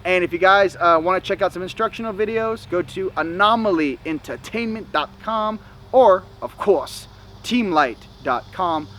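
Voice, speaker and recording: A man's voice: high voice, moderate pace, a bit bright, a little hiss or hum, low-quality recording. A young man hosting a spiritual vlog, talking in a loose, slangy way with many "you know"s and "okay"s. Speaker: spiritual channel host. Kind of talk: casual spiritual vlog talk.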